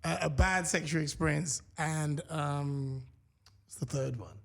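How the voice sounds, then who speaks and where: Bright, gravelly man. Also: a little high, unhurried. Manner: playful, joking denials. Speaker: comedian guest. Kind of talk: casual podcast chat.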